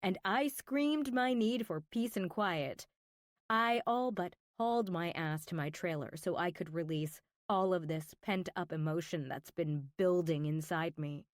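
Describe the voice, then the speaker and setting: A woman's voice: lowish voice, unhurried, no room sound. A woman narrates a romance audiobook in the first person, taking her time over every line. Her delivery is intimate and emotional, slipping into whispers. The recording is close and dry, with no room around her.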